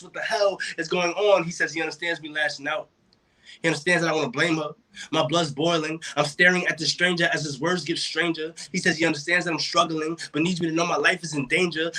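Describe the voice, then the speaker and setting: A man with a fairly high, bright voice performs spoken word poetry for an online open mic. He speaks over a video call in a rhythmic way that builds in intensity. He leans on wordplay. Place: home, joining a virtual open mic.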